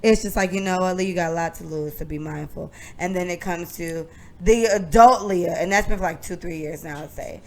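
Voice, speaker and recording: A young adult woman co-hosting a podcast, telling a long story in casual chat, animated and profane, often laughing. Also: lowish voice, fairly quick. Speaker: podcast co-host.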